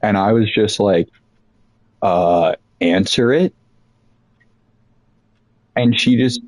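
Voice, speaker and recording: A young man casually telling a rambling, profane story about old jobs, animated as he quotes people. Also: low voice, a little slow, long pauses, no echo, rough recording.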